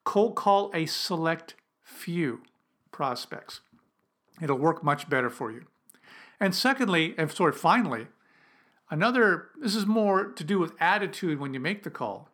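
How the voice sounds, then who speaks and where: Guy teaching a lesson, kinda high bright voice, chatty and emphatic. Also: expressive, measured pace. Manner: conversational, emphatic, with frequent restarts. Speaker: copywriting instructor. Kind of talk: spoken lesson with role-played calls.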